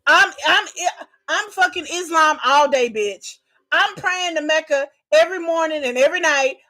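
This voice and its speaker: In a live reaction stream, a woman with a high, sharp voice delivers a comedic rant full of profanity. She swears constantly, repeats lines for emphasis and keeps breaking into laughter.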